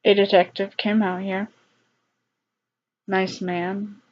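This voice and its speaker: A young woman tells a personal story to her camera, halting and subdued, with frequent fillers. Her pitch sits at a middling level for a woman, and the recording sounds slightly dull and lo-fi. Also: level tone. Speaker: vlogger.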